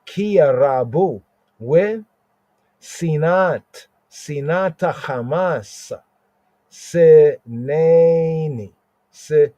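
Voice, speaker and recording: A man hosting a live Bible study, slowly explaining Hebrew words, repeating them and often asking "right?". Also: fairly high pitch, mellow, dry recording. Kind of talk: live scripture teaching.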